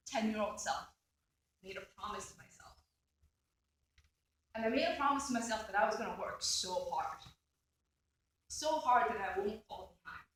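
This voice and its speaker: Earnest nominee in her forties, formal statement, mid-pitched, recorded distant and roomy. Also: fairly bright tone, slight background noise. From South Korea. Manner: earnest, laughs at own stories. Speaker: judicial nominee. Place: hearing room. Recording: echoey room, picked up from afar.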